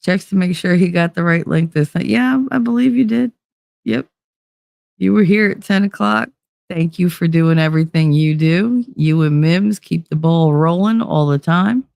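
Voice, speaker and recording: A woman's voice: lowish voice, normal speed, gravelly, a little mellow, no room sound, clean studio sound. A woman from New Jersey hosting a casual livestream, rambling and swearing as she reads chat, sleepless and frazzled. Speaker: livestream host.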